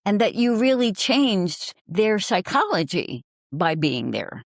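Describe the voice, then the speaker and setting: A woman's voice: mid-range voice, sing-song, takes it slowly, no room sound, studio quality. A woman interviewing a guest, speaking in an affirming, reflective, counselor-like way. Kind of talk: supportive interview talk.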